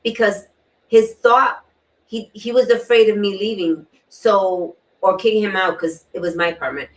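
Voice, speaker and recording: A woman hosting a talk show, sharing a personal story in an earnest way, repeating key words and often clearing her throat. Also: medium pitch, normal speed. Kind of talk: personal testimony in a panel talk. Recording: distant mic.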